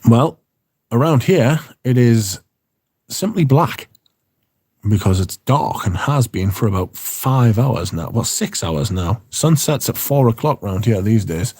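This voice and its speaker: Male streamer, rambling and sweary, dry close sound, mid-pitched voice. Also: animated, unhurried, a little mellow, slightly rough, dry recording. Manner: rambling, profane, wry. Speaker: livestream host. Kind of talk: casual chat, reading viewer comments.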